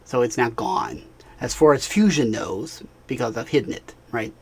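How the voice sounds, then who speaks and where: Man, instructor, software screencast narration, casual, conversational, mid pitch. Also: moderate pace, slightly rough. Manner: casual, talks while clicking, frequent "all right" and "right?".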